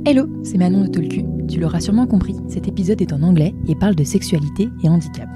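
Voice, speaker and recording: Brisk French-accented woman over music. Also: on the low side, animated. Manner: brisk, clear reading. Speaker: podcast host. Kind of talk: scripted podcast intro.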